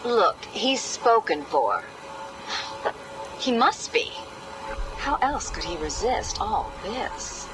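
A sly, defiant female cat burglar in a game scene. Her sarcastic, flirtatious lines swing widely in pitch, with soft music behind. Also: very animated, takes it slowly, pauses often, low-quality recording. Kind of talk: video game cutscene acting.

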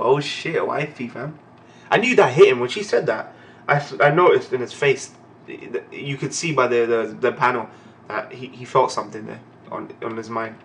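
Gravelly man, emotional reaction. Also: mid-range voice, moderate pace, fairly bright tone, a little hiss or hum. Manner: emotional, profane, ends phrases with "man". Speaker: anime and manga reaction host. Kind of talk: live reading reaction commentary.

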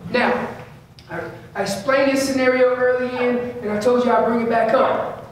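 A man's voice: very high-pitched, steady tone, normal speed. Man teaching elk calls in an echoey hall. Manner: repeats key phrases, voices what elk think, casual slang. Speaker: elk-calling seminar instructor. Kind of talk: informal hunting seminar talk. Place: large indoor store seminar space. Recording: echoey room, speaker far from mic, faint hum.

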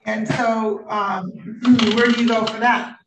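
A woman's voice: fairly high pitch, steady tone, slow. A woman presiding as a judge at a court hearing, asking patient questions. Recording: echoey room from far off, noisy.

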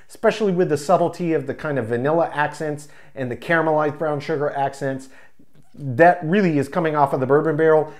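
A man's voice: mid-range voice, a little mellow. A man reviewing a craft beer in a casual, enthusiastic way, describing flavors in loving detail. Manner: enthusiastic, descriptive, savoring each word.

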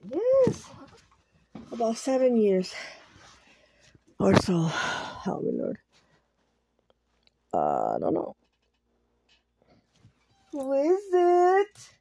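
A woman's voice: mid-range voice, huge pitch swings, slow pace, creaky, long pauses, dark tone, slightly rough. A woman vlogging casually at home, muttering anxiously to herself, calling to her pets and slipping into Spanish phrases. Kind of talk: casual home vlog talk.

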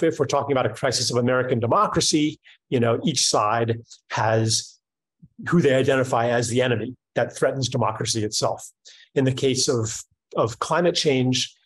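A man's voice: mid-range voice, slightly rough, low-quality recording. A middle-aged man in a reflective conversation, talking thoughtfully with frequent restarts and fillers. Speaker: speaker in a panel conversation.

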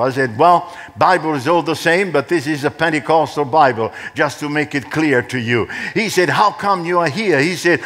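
An older man preaches from the pulpit, his voice sitting a little high for a man. He acts out the people in his story as he tells it, swinging his pitch and weight. His voice carries through a church hall with a long reverberant tail. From Australia. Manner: animated storytelling, acting out quoted dialogue. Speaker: pastor. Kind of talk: sermon with personal story.

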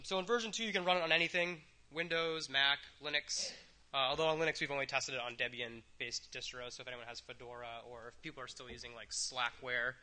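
A man presenting software at a developer conference, talking casually with lots of ums and wry asides. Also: medium pitch. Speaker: conference speaker.

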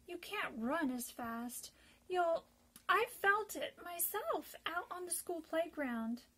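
In a bedtime storybook reading, a thirteen-year-old boy hooked on cigarettes owns up plainly and matter-of-factly, as a woman reads him. The voice stays high and moves slowly. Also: sing-song, bright, forceful tone, exaggerated voice. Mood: frank. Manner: plain-spoken, matter-of-fact admissions.

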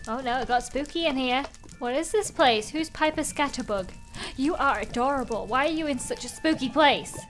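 A woman hosting a let's play, excitable and chatty with frequent gasps. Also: sits high, moderate pace, faint music behind. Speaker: gaming video host.

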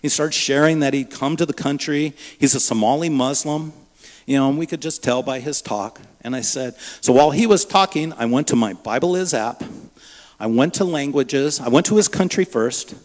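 A man preaching a sermon in a church, telling stories in a lively way and acting out the dialogue. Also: mid-range voice, moderate pace. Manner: lively storyteller, acts out dialogue. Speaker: guest preacher from a Bible ministry. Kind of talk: sermon with storytelling. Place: church sanctuary. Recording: reverberant church hall.

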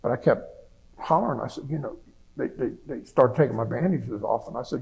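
Here an older man from the United States, a veteran being interviewed, shares wartime memories for an oral history. His voice is gravelly yet a bit mellow, mid-range and fairly quick, and he rambles plainly with many restarts over a rough recording.

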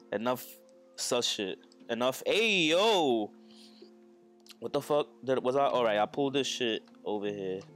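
A man streaming casually while he builds a model kit, joking crudely, laughing often and chatting to viewers. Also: on the low side. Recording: music playing underneath.

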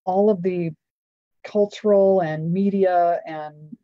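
A woman's voice: on the low side, steady tone, slow pace, no echo, highs cut off. A woman guest on an interview show, a law of attraction trainer telling her story in a candid, upbeat way and laughing often.

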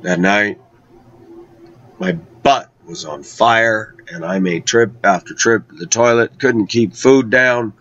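Low-voiced man telling a personal story. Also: expressive, a bit bright. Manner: conversational, with slow, drawn-out emphasis. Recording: dull lo-fi recording.

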